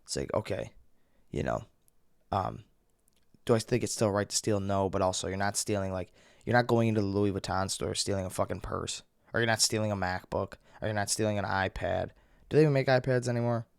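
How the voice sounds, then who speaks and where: A young man telling a story as a vlogger, profane and animated, acting out people yelling. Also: fairly low pitch, brisk, vocal fry, dry recording, clean studio sound. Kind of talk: casual storytelling rant.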